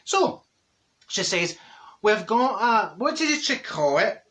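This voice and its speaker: A man's voice: sits high, sing-song, slow pace, bright, forceful tone, full character voice. A man playing a blunt, gossipy middle-aged woman from Glasgow with a Glaswegian accent, telling comic stories to camera. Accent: Glaswegian Scottish. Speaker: comic character monologue.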